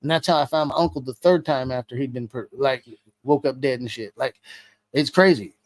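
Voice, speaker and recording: A man's voice: mid-range voice, brisk, dry recording. A man, a guest on an interview show, telling a story with constant swearing and acting out the dialogue. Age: adult. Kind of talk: casual storytelling.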